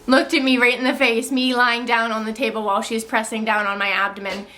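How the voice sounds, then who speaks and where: A woman's voice: a little high, flat delivery, brisk, pushed and bright, slight background noise. A young woman in her twenties telling a personal story to camera in a casual, chatty way, full of fillers. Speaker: vlogger.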